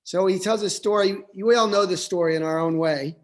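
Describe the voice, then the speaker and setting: A man, a rabbi, giving a reflective Hanukkah sermon over a video call, halting and restarting as he thinks. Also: sits high.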